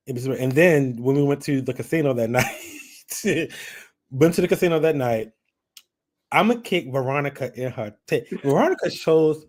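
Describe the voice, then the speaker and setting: A man's voice: a little high, moderate pace. A man, chatting and laughing as he hosts a live stream. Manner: chatty, laughing, lively retelling. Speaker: livestream host. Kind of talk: casual live chat.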